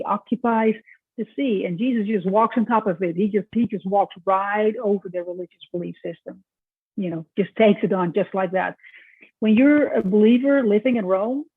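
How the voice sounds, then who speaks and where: A woman's voice: mid-range voice, breathy edge, dry recording. A woman lecturing to students in a conversational way, with frequent restarts and check-ins. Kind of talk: recorded lecture. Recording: tinny, phone-like dry recording.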